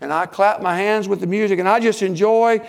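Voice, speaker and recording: Gravelly high-voiced preacher. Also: male voice, fairly quick. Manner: animated preaching, sudden loud bursts and hushed asides. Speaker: pastor. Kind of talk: sermon.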